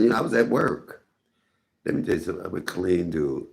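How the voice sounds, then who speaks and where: A man's voice: sits low, lively intonation, quick pace, vocal fry. A middle-aged man hosting a live stream, telling rambling, candid stories and talking to his chat. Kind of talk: casual storytelling to viewers.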